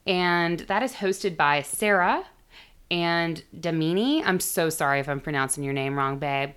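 A young woman co-hosting a casual podcast, her voice sitting on the lower side and worn hoarse, catching in a rough vocal fry. She talks loosely and playfully, swearing freely and breaking into laughs. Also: a little slow, a bit bright. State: hoarse, recovering from lost voice. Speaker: podcast co-host.

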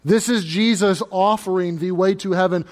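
A man's voice: high-pitched, steady tone, moderate pace, big-room sound. A man preaching a sermon as pastor, conversational and emphatic, repeating phrases for stress.

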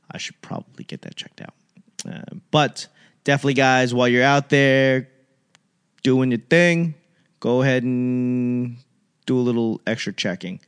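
Man, mid-pitched, rambling casual host, animated storyteller, fillers galore. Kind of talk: casual solo chat.

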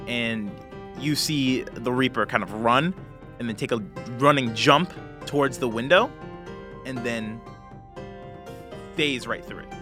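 A man's voice: medium pitch, unhurried, pauses often, music in the background. A man narrating as game master of a tabletop game, loose and full of fillers like "kind of" and "um". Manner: loose, many fillers and hedges.

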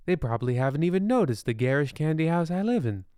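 A man's voice: a little high, big pitch swings, fast, dark tone, clean tone, no room sound, studio quality, voice pushed up. A man voicing a bitter, lonely old witch in a comic storybook reading, with a wry, self-pitying manner.

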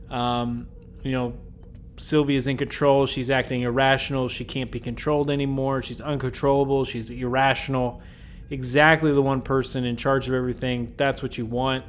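A young man talks through an episode recap in a loose, chatty way, laughing often and dropping into quick silly voices for the characters. His voice sits at an ordinary pitch for a man, and a faint hiss of noise sits under the recording. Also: little pitch movement. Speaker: podcast host.

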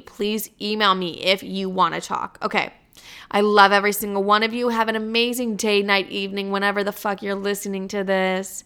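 A woman's voice: mid-range voice, sharp tone, clean tone. A young woman in her twenties hosting her own podcast, signing off in a casual, chatty way full of swearing and rambling asides. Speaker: podcast host. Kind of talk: casual solo podcast outro.

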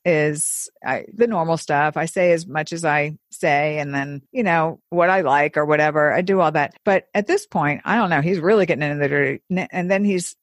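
A woman's voice: sits low, moderate pace, few pauses, no room sound, clean studio sound. A woman casually telling a long dating story, acting out both sides of the conversation.

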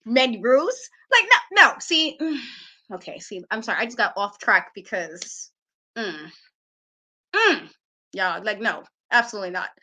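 A woman co-hosting a wrestling talk show, ranting in an animated, exasperated way and laughing often. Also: medium pitch, measured pace. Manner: emphatic repetition. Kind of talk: casual podcast rant.

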